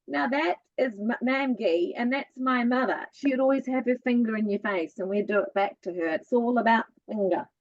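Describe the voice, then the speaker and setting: A woman's voice: fairly high pitch, a little fast, few pauses, no echo, muffled recording. Musical-voiced woman telling stories. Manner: lively storyteller with a musical cadence. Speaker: guest. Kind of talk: casual chat.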